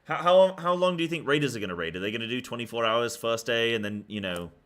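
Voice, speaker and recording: A man's voice: mid-range voice, expressive, quick pace, a bit bright. A young man streaming, chatting casually about a game and rambling in loose, filler-heavy sentences. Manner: talks in loose run-on thoughts with many fillers.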